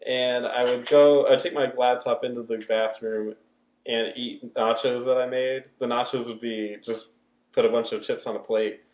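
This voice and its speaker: A man's voice: medium pitch, steady tone, moderate pace, darkish tone. Male podcast co-host, chatty and giggly, roomy echo on a Skype call. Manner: laughs often, rambling anecdotes. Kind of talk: casual chat. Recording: echoey room over a Skype call.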